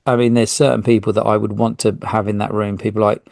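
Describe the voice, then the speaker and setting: Gravelly man rambling through a podcast. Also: lowish voice, flat delivery, quick pace, darkish tone, no room sound. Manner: rambling, self-interrupting, jokey asides. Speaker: podcast host. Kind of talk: solo podcast commentary.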